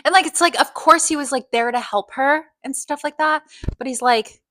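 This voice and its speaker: A woman's voice: sits high, normal speed, fairly bright tone, no room sound. A woman casually telling a story, rambling with constant fillers and swearing. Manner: rambling, heavy filler "like", profane.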